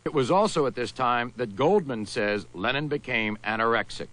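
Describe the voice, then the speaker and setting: Documentary narrator man, expressive pitch. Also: low-quality recording. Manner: polished, measured delivery.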